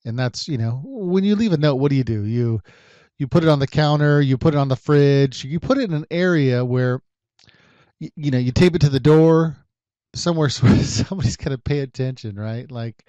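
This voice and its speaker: A man's voice: mid-range voice, normal speed, dark tone, no echo, muffled recording. A man in his thirties hosting a casual solo podcast, rambling through stories with lots of ums, restarts and wry asides. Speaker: podcast host.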